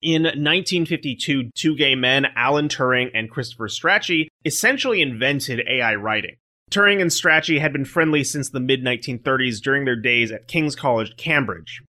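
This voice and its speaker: A man's voice: medium pitch, lively intonation, normal speed, pushed and bright. A man hosting a podcast, reading a prepared script and breaking off for dry jokes with his co-hosts. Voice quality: programmer speaking. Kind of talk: scripted narration with asides in a podcast chat.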